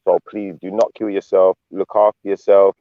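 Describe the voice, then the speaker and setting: A man's voice: deep voice, little pitch movement, moderate pace, narrow, tinny audio. A man hosting a live panel stream, chatty and joking, drifting into talk about the Bible. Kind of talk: casual panel chat.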